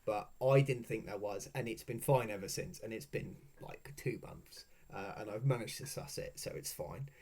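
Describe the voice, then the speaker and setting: A man's voice: on the low side, moderate pace, creaky, hardly any pauses, darkish tone, husky. A young man telling travel stories in a casual, swearing voice-over, laughing at his own mishaps. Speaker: vlogger.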